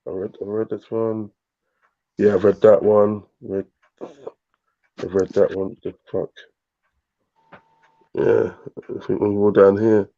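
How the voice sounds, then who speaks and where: A man hosting a casual live football predictions stream, slowly reading viewer comments aloud in an easygoing way. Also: fairly low pitch, flat delivery, gravelly. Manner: slow, easygoing, reads chat aloud haltingly. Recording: dull lo-fi stream audio.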